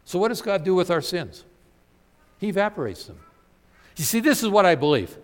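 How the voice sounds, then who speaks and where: Animated preacher man in a reverberant hall. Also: high voice, fairly quick. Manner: animated, emphatic preaching with rhetorical questions. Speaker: pastor. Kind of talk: sermon.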